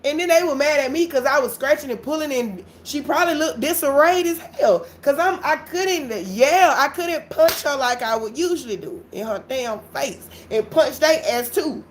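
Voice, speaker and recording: Profane, animated woman live-streaming a story. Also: high-pitched, moderate pace, hardly any pauses, slight background noise. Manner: animated, blunt and profane, addresses viewers as y'all. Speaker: livestreamer.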